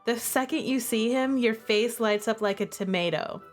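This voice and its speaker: A young woman reading a dating-sim game aloud and reacting with excited, gushing commentary. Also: normal speed, faint music behind. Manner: excitable and gushing, with big pitch jumps. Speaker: streamer playing a dating sim.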